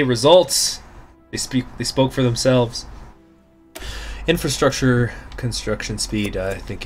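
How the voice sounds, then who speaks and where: A young man hosting a gaming channel, musing and muttering through casual strategy game commentary, now and then bursting into loud mock outrage. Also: mid-range voice.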